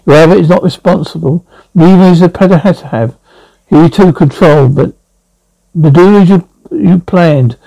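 An earnest, resolute male traveller who presses his point with quiet urgency, read plainly by a man. The voice sits a little high, with a gravelly edge and a warm, dark tone, recorded close and dry. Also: normal speed, no room sound, lo-fi sound. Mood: urgent. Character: calm resolute male time traveller, the Doctor.

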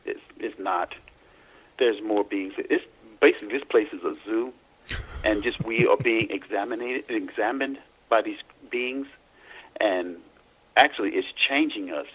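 Husky, halting middle-aged man. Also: lowish voice, a bit bright, rough recording. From Louisiana, US. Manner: halting, repeats words while searching for them. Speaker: guest, author. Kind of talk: casual interview, recounting personal experiences.

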